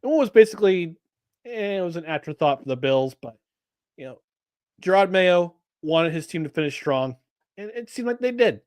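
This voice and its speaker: A man co-hosts a sports podcast in a fairly high, lively voice. He talks with sarcastic energy and reads statements aloud in a mocking way. The sound is dry and close. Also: moderate pace, smooth, dry recording. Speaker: podcast co-host. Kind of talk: casual sports podcast talk.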